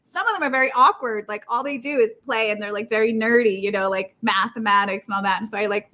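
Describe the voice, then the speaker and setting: A woman guest telling a story in a casual, animated way, jumping up in pitch when she acts out quotes and talking fast with many restarts. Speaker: poker player.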